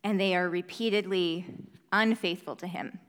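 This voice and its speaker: A woman's voice: fairly low pitch, steady tone, normal speed, a bit bright. A young woman, a mother, giving an earnest, conversational Bible teaching with casual fillers. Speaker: preacher. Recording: reverberant hall.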